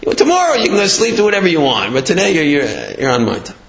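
A man's voice: on the high side, wildly swooping pitch, fast talker, creaky, fairly bright tone, voice pushed up, full character voice. A man voicing a homesick emigrant man who eagerly insists his visitor stay, in a dull, echoey recording. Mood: insistent.

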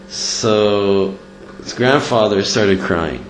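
A man's voice: medium pitch, moderate pace. A man giving a Torah lesson, telling stories and acting out the voices in them. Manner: animated, acts out voices in stories. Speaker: Torah teacher. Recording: echoey room with faint hum.

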